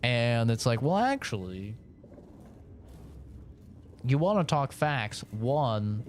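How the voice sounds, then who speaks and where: An American man talking casually on a gaming stream at a middling pitch. He rambles, jokes and swears freely. Faint background hum sits under his voice. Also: sing-song, slow. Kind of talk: casual live-stream chat.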